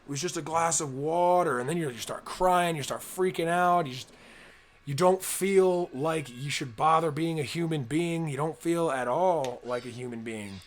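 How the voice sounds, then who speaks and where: A young man co-hosting a casual podcast talks earnestly and at length in a fairly high voice at a moderate pace. As he speaks, he acts out what people are thinking to themselves.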